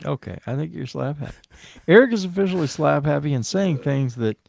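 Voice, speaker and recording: A man's voice: a little high, expressive, fairly quick, creaky, darkish tone. A man from Dayton, Ohio, co-hosting a trading show and giving dry, teasing replies in casual banter.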